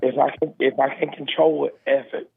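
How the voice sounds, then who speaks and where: A man with a Southern accent calling in, mumbling and talking fast in casual chat. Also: mid-range voice, flat delivery, vocal fry, slightly rough. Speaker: caller. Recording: tinny phone line.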